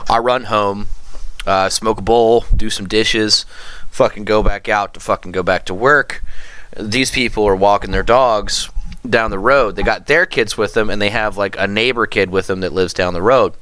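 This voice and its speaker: A man's voice: lowish voice, moderate pace, dry recording. A man hosting a podcast, telling a story in casual chat, swearing a lot and acting out what people said. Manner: profane, animated storytelling, acting out quotes. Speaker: podcast host.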